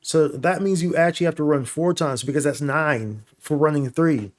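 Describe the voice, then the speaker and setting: Excitable gamer man chatting casually. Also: a little high, moderate pace. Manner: enthusiastic, casual slang, addresses viewers as y'all and bro. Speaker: gaming YouTuber. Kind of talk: excited gameplay update commentary.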